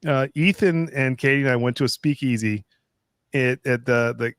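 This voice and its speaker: A man's voice: mid-range voice, normal speed, smooth, no room sound, clean studio sound. A middle-aged man co-hosting a live stream, telling a long story in a loose, rambling casual chat style, often restarting his sentences.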